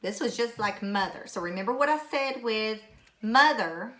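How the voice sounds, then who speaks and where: A woman's voice: a little high, expressive, moderate pace, pushed and bright. A woman teacher giving a recorded phonics lesson to young pupils, patiently repeating each word. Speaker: third grade teacher.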